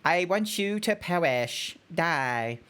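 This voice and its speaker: A man's voice: a little high, lively intonation, takes it slowly, pushed and bright, clear, resonant tone, heavily acted. A man putting on a gloating doom-wishing villain. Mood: gloating menace. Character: menacing imagined viewer wishing doom on the player.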